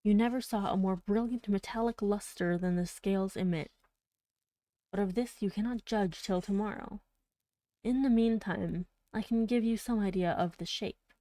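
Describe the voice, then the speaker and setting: A woman reading aloud as an excitable gentleman collector, talking enthusiastically and at length in a storybook voice close to her own. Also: mid-range voice, moderate pace, no echo, natural voice. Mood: eager. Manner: enthusiastic, talkative. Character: eager, excitable gentleman collector, adult man.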